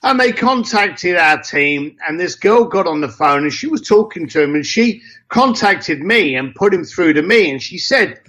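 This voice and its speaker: A man telling anecdotes in an interview, acting out dialogue in a lively way with casual slang and mild swearing. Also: high-pitched, normal speed, hardly any pauses. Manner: lively, acts out both sides of dialogues. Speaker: interview guest. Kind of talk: anecdotal storytelling.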